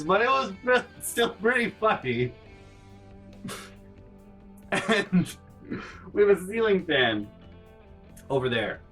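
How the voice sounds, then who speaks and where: A man's voice: sits high, far from the mic, rough recording. A man telling a comedic story from his life, rambling and swearing freely. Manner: profane, rambling, animated. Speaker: channel host, storyteller.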